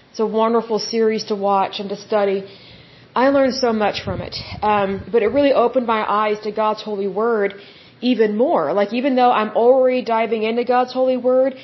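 A woman with a husky, fairly high voice gives an informal devotional talk on her podcast. She sounds earnest and emphatic, leaning on rhetorical questions and repeating words. The audio is dull and lo-fi. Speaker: podcast host.

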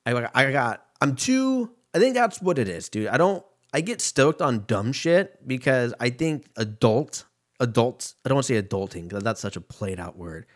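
A man's voice: mid-range voice, animated, normal speed. A man hosting a podcast, rambling casually and profanely from one tangent to the next. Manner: loose, profane, jumps between tangents. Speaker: podcast host.

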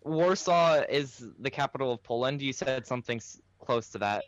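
Dry, matter-of-fact man at a tabletop game; mid-pitched. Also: expressive, normal speed, lo-fi sound. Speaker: player. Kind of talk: casual tabletop game chat.

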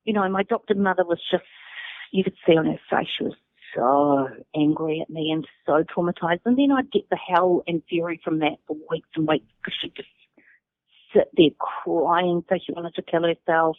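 A woman's voice: fairly low pitch, lively intonation, moderate pace, no echo. A middle-aged woman with a New Zealand accent, candidly telling her personal story as a guest and swearing freely. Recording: dry phone-like sound.

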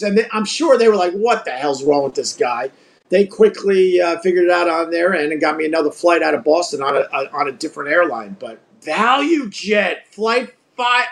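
A man hosting a casual live chat, telling stories with swearing and animated asides to his viewers. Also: high-pitched. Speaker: host reading live chat.

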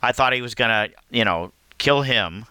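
A man's voice: mid-range voice, lively intonation, moderate pace, pushed and bright, clean tone, dry recording. A man in casual chat about a movie, hesitant, trailing off and restarting his sentences. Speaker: movie discussion co-host.

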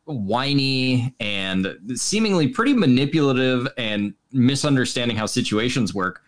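A man's voice: mid-range voice, animated, a little slow. A young man co-hosting a casual music podcast, wry and critical, with hesitant restarts. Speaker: podcast co-host. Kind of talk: casual chat about music.

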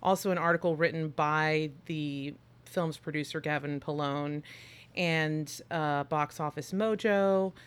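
A woman's voice: deep voice, fairly even intonation, measured pace, clean tone. Podcast co-host, woman, chatty and loose, laughs and swears a lot. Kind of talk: casual chat.

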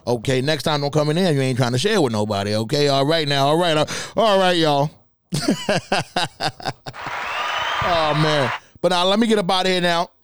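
A man hosting a podcast alone, telling stories in casual, profane, animated talk with laughs. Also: a little high, moderate pace, long pauses, a faint crowd, a little hiss or hum. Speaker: podcast host. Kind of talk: casual solo storytelling.

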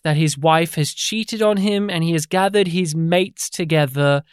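A man's voice: fairly high pitch, a little slow, hardly any pauses, smooth, no room sound, studio quality. A man, co-hosting a podcast in a jokey, rambling way. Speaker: podcast co-host. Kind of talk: casual chat.

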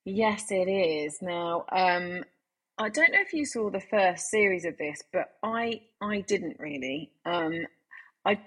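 A woman with a low, husky voice chats about television shows. She restarts her sentences often but stays enthusiastic. Her delivery is loose and conversational. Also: expressive, takes it slowly. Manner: hesitant, many restarts, warm enthusiasm. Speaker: TV review co-presenter. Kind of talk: casual TV review chat.

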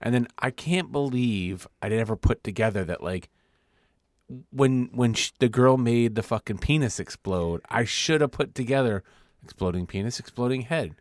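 A man co-hosting a podcast, chatting casually, animated, acting out scenes in put-on voices and swearing freely. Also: medium pitch, moderate pace, no echo, studio quality. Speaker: podcast co-host. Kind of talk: casual chat.

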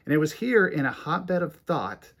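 Animated male preacher. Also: a little high, moderate pace, vocal fry, slightly rough. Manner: animated, rising to emphatic peaks; reads scripture aloud between comments. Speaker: pastor. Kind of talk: sermon.

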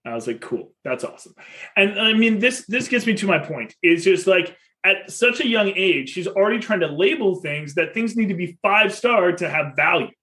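A man in his thirties, a father and podcast host, telling a story in a lively, casual way and laughing often. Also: high voice, moderate pace.

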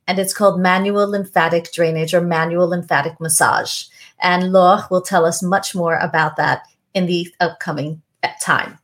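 A woman hosts a podcast in a polished, measured voice. She opens with a scripted introduction and then interviews her guest. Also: mid-range voice. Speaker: podcast host.

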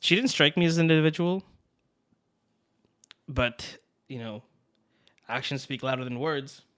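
A young man co-hosting a podcast, telling a personal story in a casual, animated way and acting out what people said. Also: mid-range voice, measured pace, dry recording, clean studio sound. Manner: animated, acts out quotes with swearing and laughs. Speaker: podcast co-host.

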